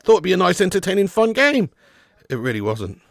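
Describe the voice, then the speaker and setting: A man's voice: sits high, very animated, brisk, vocal fry, fairly bright tone, no room sound, clean studio sound. A young man hosting a live football watch-along, chatting casually and bantering with viewers. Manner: chatty, banter with viewers, jokey put-on accents.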